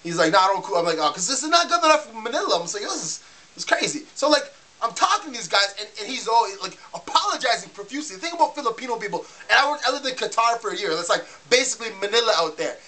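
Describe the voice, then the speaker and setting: A man's voice: high-pitched, big pitch swings, rapid-fire, sharp tone. A man ranting to camera in a casual vlog, heated and fired up, stumbling and restarting his sentences as he gets worked up. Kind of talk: casual rant.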